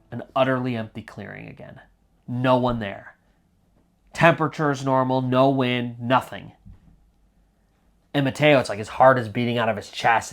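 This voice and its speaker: A man retelling a scary story in a casual, dramatic way, full of fillers like "like". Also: a little high. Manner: chatty, dramatic, lots of "like" fillers.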